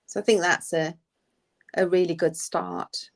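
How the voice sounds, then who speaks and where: A woman's voice: mid-range voice, measured pace. A middle-aged woman, a nurse co-hosting an advice podcast, chatting casually and acting out the phrases she quotes. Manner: animated storyteller, acts out quoted phrases.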